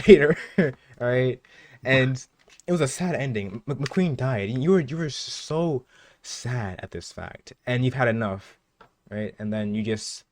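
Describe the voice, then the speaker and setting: With no room sound, a young podcast co-host with a mid-range voice tells an invented, funny story in casual conversation, laughing frequently, storytelling animatedly, and restarting his sentences again and again.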